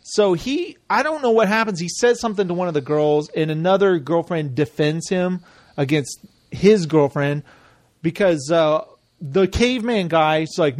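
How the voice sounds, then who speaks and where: A man with a high voice chats casually as a podcast co-host, laughing often and slipping into mock voices as he retells scenes. The sound is dry and close, with no room around it. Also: expressive, normal speed, a little mellow, dry recording. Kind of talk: casual chat recapping a reality show.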